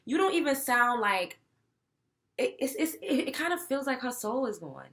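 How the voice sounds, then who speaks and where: A young woman hosts a talk show, offering blunt, profane opinions in animated commentary. Her voice is on the high side and a bit fast, and she mimics other people as she goes.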